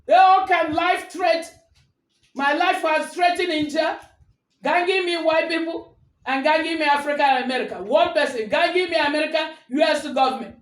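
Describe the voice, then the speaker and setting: Brief: Nigerian woman, high voice, angry shouted rant, scolding tone, reverberant room. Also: normal speed.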